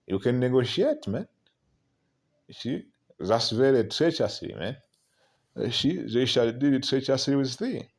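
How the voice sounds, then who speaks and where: A man's voice: mid-range voice, lively intonation, gravelly. Man preaching prophecy, repeating "man". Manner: keeps tagging lines with "man", halting repeats; reads scripture aloud between remarks.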